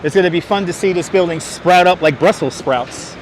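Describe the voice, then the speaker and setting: A man's voice: high voice, brisk. A man livestreaming while walking city streets, giving joking, sarcastic running commentary on a clip-on mic. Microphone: wireless clip-on mic. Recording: outdoor traffic noise.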